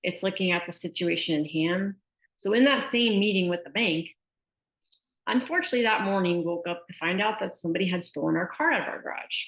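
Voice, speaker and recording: Gravelly woman in an echoey room. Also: fairly low pitch, fairly quick, fairly bright tone. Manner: chatty storyteller, frequent "like" and "right?". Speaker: sports nutrition specialist. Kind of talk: casual conversational advice. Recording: echoey room, dull lo-fi sound.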